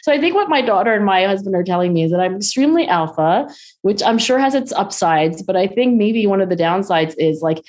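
A woman in her forties, a guest on an interview show, talking fast and filling her speech with "like" and "um". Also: medium pitch. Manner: animated, acts out quoted dialogue in raised voices. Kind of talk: conversational interview.

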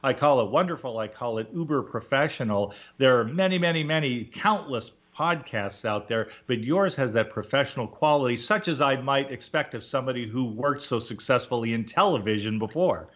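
A man's voice: medium pitch, lively intonation, brisk, few pauses, fairly bright tone, highs cut off. Effusive male radio host. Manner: effusive, formal wording. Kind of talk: radio interview.

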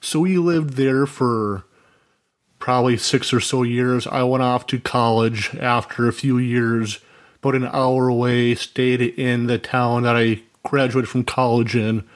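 A man's voice: mid-range voice, steady tone, measured pace. A man from Minnesota calling in to a radio show, telling a story in an earnest, rambling way with many asides. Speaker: caller. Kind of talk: phone-in storytelling.

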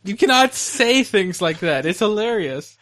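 Casting: young male podcast host, bright, forceful tone, slightly high, rambling casual delivery. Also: sing-song, unhurried. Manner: rambling, hesitant, lots of ums. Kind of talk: casual chat.

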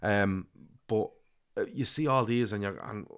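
A man talking football on a podcast in a slightly low voice. His delivery is loose and chatty, with swearing and frequent "like" and "you know". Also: a little slow, clean tone. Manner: chatty, swears, reads listener comments. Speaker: podcast co-host. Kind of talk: casual chat.

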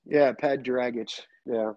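A middle-aged man with a Serbian accent, a podcast guest telling loose, animated stories in casual chat. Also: medium pitch, slow, no echo, lo-fi sound. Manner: animated, loose storytelling with many fillers.

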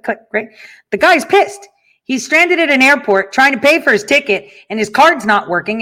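Host type: middle-aged woman, lively swooping delivery, casual storyteller who laughs and swears. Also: medium pitch. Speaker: online show host. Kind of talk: casual ranting monologue.

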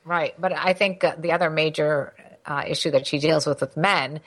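A middle-aged woman chats and teases while co-hosting a casual podcast as a sex expert. Her voice sits a little low for a woman, and she keeps the talk loose and playful. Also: steady tone, normal speed. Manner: teasing, chatty.

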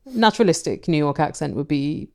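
Woman, podcast co-host, low voice, dry wit, casual chat. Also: animated, fairly quick, vocal fry, warm tone. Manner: dry, wry and witty.

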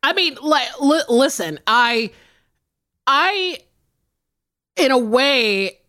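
A woman co-hosting a podcast, joking and swearing in an animated way, laughing often. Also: high-pitched, drawn-out words. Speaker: podcast co-host. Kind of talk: casual chat.

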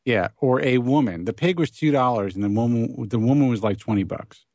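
A man's voice: mid-range voice, brisk, darkish tone, no echo, clean studio sound. A man on a casual podcast, telling offhand stories. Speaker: podcast co-host. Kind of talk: casual chat.

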